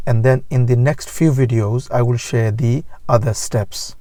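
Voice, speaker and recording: Deliberate mellow-voiced male teacher. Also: medium pitch, fairly even intonation, no room sound. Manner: slow, deliberate, repetitive phrasing. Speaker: English teacher. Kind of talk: scripted lesson to camera.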